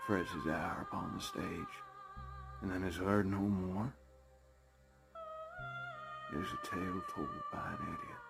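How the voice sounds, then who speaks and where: A man reciting Shakespeare as a grim, brooding king in an American Southern accent, slow and heavy with sweeping rises and drops. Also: low voice, wildly swooping pitch, heavily acted. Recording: clip with loud music.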